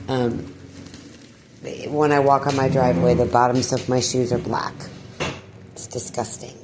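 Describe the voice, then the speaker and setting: A woman talking in a personal vlog monologue, weary and distressed, sighing and clearing her throat. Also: a bass voice, fairly even intonation, a little slow, long pauses, noisy background. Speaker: video blogger.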